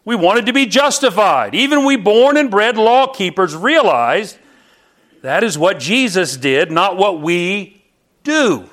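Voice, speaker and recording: A man's voice: sits high, sing-song, slow, fairly bright tone. A middle-aged man preaching a sermon as pastor, emphatic and firing rhetorical questions at his congregation.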